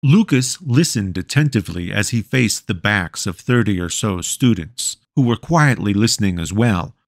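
A man's voice: lowish voice, lively intonation, moderate pace, creaky, no echo. A man narrating an audiobook in a wry storytelling manner on a close studio mic. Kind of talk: scripted narration.

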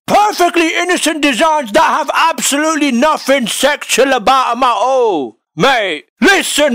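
A man voicing a brash, crude, indignant Jesus as a laddish bloke, ranting and shouting in a comedy sketch. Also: very high-pitched, exaggerated voice. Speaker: comedy YouTuber.

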